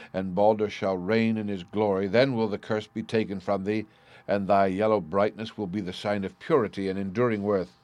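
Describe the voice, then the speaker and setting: A man reading aloud as a noble young hero, speaking in a solemn, measured way. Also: lowish voice, a little mellow, dry recording, natural voice.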